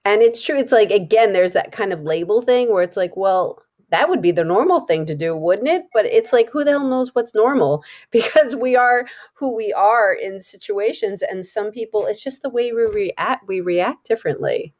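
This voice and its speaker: A middle-aged woman hosting a relaxed live interview, chatting and laughing often. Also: medium pitch, normal speed, few pauses. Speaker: host. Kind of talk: casual live interview chat.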